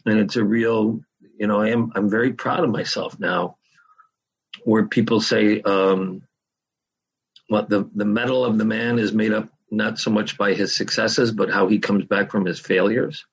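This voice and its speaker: A man's voice: fairly low pitch, fairly even intonation, a little slow, husky, muffled recording. A middle-aged man, a podcast guest, telling his story in a candid, casual way and swearing freely.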